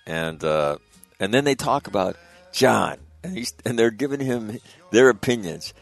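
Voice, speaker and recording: Middle-aged male guest with a deep, low register; chatty, meandering anecdotes, lots of "uh" and restarts. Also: animated, unhurried, creaky, soft background music. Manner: rambling, conversational, frequent fillers and restarts. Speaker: guest recalling his father. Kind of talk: casual spoken storytelling.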